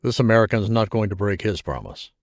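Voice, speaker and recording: A man voicing a calm, protective male Marine major who reassures a frightened woman. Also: on the low side, a little fast, no room sound, clean studio sound. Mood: reassuring.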